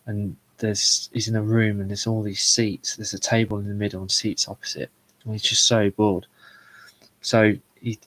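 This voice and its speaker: A man, hosting a solo live chat, talking in a rambling, halting way full of fillers and restarts. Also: lowish voice, rough recording. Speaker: show host. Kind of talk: solo live chat about comedy shows.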